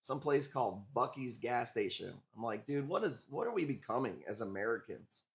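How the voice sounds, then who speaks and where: Selling coral on a livestream auction, this host from Illinois banters casually with his audience, cracking crude jokes. He talks at a moderate pace in a mid-range voice that's very animated.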